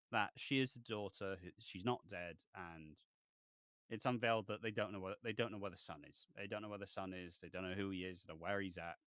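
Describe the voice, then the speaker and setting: A man's voice: low voice, brisk, fairly bright tone, no echo, studio quality. A man co-hosting a podcast, rambling and hesitant in casual chat about a soap, with sudden bursts of exasperation. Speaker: podcast co-host.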